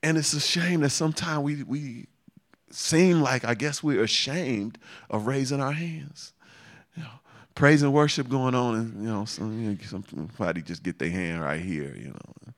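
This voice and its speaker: A man's voice: medium pitch, moderate pace. A man preaching a sermon, repeating phrases for emphasis and chuckling often.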